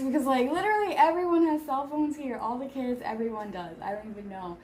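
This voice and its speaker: A woman's voice: a little high, lively intonation, fast talker, hardly any pauses, a little mellow, a little hiss or hum. A woman in her thirties chatting casually on a vlog while eating, rambling with lots of filler words. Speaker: vlogger. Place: home in Seoul.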